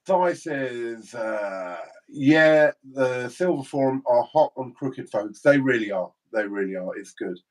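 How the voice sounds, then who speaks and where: A man's voice: mid-range voice, lively intonation, slow, rough recording. An English man co-hosting a casual livestream, reading out viewer comments and laughing easily. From England. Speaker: livestream co-host.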